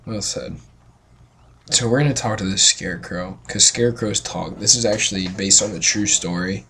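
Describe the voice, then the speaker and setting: A man's voice: on the low side, fairly even intonation, normal speed, pushed and bright, a little hiss or hum. A drunk man giving casual gameplay commentary, rambling and swearing with joking asides. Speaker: let's play gamer.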